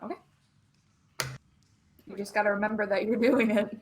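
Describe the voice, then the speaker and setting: A woman chatting casually as a player in a tabletop game, quick to banter. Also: mid-range voice, fairly even intonation, a little hiss or hum.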